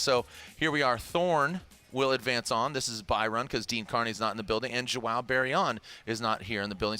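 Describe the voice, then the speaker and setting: An excitable man doing live motorsport play-by-play with a bright, forceful voice. He jokes and uses slang between calls, with faint music playing under him. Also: mid-range voice. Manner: excitable, jokey, slangy banter. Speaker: play-by-play commentator.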